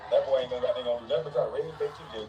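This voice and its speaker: A man's voice: medium pitch, very fast, recorded from a distance, lo-fi sound. A man vlogging, ranting to camera in casual, heated, mocking trash talk. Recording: echoey, off-mic, noisy ambience.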